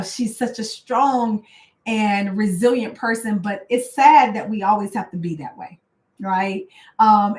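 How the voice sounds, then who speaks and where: A woman's voice: medium pitch, roomy sound. A woman coach talking casually and with passion, full of fillers and rising indignation. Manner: passionate, conversational, many fillers. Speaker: coach and host. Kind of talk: casual motivational talk.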